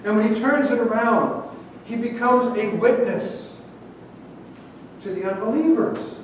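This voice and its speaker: A man preaching a sermon as pastor, asking rhetorical questions and stressing words slowly before dropping to a hush. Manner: rhetorical questions, slow emphatic phrasing, drops to a hush. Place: church sanctuary. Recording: very echoey church from a distant mic, faint rumble.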